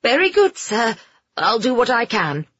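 Brief: narrator voicing a clipped, formal switchboard woman, husky, lo-fi. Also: sits high, sing-song, unhurried, sharp tone, no echo, voice pushed up, exaggerated voice. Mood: brisk. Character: wartime telephone operator woman, brisk. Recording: dull lo-fi audiobook recording.

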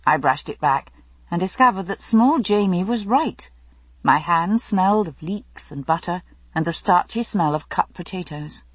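A woman reading a first-person novel aloud as an audiobook narrator, measured and even. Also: fairly low pitch, slightly rough, dry recording.

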